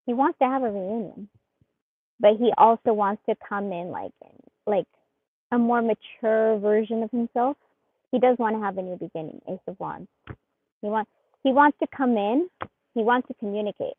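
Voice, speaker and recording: A woman giving a live tarot reading, murmuring softly as she shuffles and then chatting in animated bursts with lots of laughter. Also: a little high, normal speed, long pauses, no echo. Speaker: tarot reader. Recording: muffled phone-like sound.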